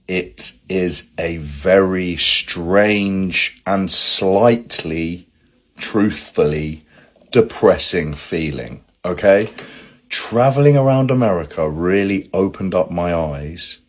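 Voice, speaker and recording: A man from the UK speaking earnestly to camera in a casual vlog monologue, deliberate and emphatic. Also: sits low. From United Kingdom.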